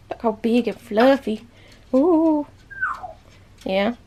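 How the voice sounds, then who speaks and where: A woman's voice: a little high, unhurried, vocal fry, darkish tone, slight background noise. A woman vlogger chatting playfully to her pet parrot in teasing baby-talk, laughing often.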